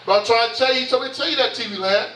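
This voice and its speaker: A man's voice: very high voice, racing, bright, forceful tone, slight background noise. A man in his fifties with a Southern US accent, preaching a sermon as bishop with impassioned rhetorical questions. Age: 50s. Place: church sanctuary. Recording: echoey church from far off.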